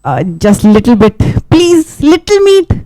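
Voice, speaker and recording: A woman's voice: sits high, sing-song, a little slow, dark tone, no echo, pitched above the performer's own voice. A woman voicing a hungry male spider trickster who begs the other animals politely for food. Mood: pleading. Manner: wheedling, polite begging.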